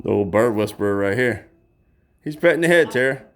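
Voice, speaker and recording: A man films himself at an outdoor zoo and playfully trash-talks the caged birds. His voice swings widely in pitch as he jokes around in casual chat. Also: expressive, fairly quick. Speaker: vlogger. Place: outdoor zoo bird cages.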